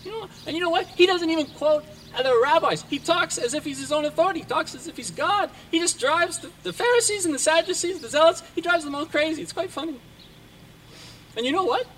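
Figure: a gossipy male leper voiced by a preacher. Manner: chatty and conspiratorial. Pitch: raised and high. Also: fast, fairly bright tone, far from the mic, slight background noise. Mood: gossiping.

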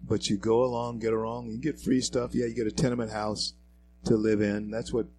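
A man hosting his own show, delivering a preachy political commentary monologue that swings between calm reading and loud emphatic bursts. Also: fairly low pitch, a little fast, slight background noise, low-quality recording. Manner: reads quotes aloud with fillers and restarts. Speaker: show host.

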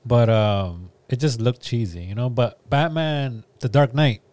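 A man's voice: mid-range voice, a little slow, a little mellow, no room sound. Chill guy hosting, asks questions, mid voice, dry close sound. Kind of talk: casual chat.

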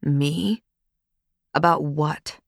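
A woman voicing a tough, guarded young woman who speaks flatly and curtly, in a storybook reading. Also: low-pitched, very slow, creaky, no room sound, clean studio sound, exaggerated voice. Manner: flat, curt, suspicious.

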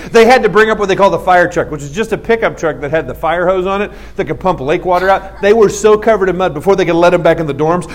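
Comic storyteller, male, high voice, lively and animated with put-on voices. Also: fast talker, hardly any pauses. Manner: animated, acts out voices, laughs at own story. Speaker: comedian telling a story. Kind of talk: stand-up storytelling.

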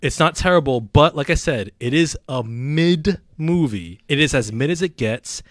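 A man's voice: on the high side, expressive, moderate pace, no room sound, clean studio sound. A man casually reviewing a film on a podcast, rambling with many fillers and restarts. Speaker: movie reviewer.

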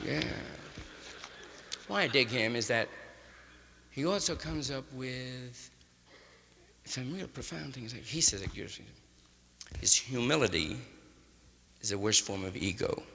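A man's voice: mid-range voice, lively intonation, slow, gravelly, pauses often, pushed and bright. Male stand-up comic, hip slang, improvised monologue; old live concert hall tape with a long echo and faint hiss. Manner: rambling hip jazz slang, drops "man" often. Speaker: stand-up comedian. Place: large concert hall stage before a live audience.

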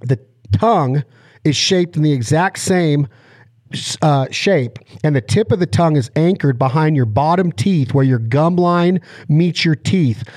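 Jokey, high-ish male podcast host, dry close sound, animated teaching. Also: measured pace, no room sound. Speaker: podcast co-host and duck caller. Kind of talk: casual podcast explanation. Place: driving in a car.

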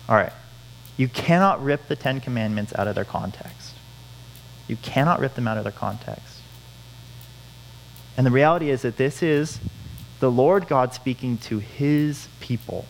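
A man's voice: mid-range voice, animated, normal speed, slight background noise, rough recording. Earnest man preaching a sermon. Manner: earnest, repeats phrases for emphasis. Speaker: pastor.

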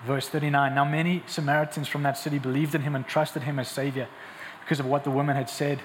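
High-voiced young man preaching in a hall. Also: little pitch movement, fast, a little hiss or hum. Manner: conversational preaching, rising to emphatic peaks. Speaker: pastor. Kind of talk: sermon.

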